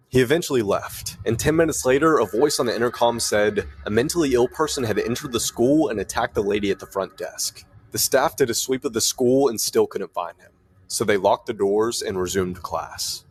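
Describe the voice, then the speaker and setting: A man narrating a scary story in a measured, scripted way. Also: medium pitch, slightly rough.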